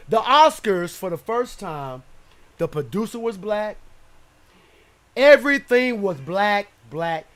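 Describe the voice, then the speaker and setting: A high-voiced man hosting a radio talk show, his pitch leaping up and down as he rants. He swears freely, laughs often and sometimes shouts. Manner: animated, profane, frequently laughing, shouts at times. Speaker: internet radio show host. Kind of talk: loud ranting radio talk.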